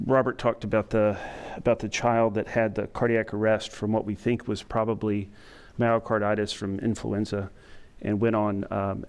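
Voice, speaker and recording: A middle-aged man giving a training lecture to emergency medical staff, talking in a self-described monotone and pausing often with fillers. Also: lowish voice, clear, resonant tone. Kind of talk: conference lecture to EMS staff. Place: lecture room with an audience.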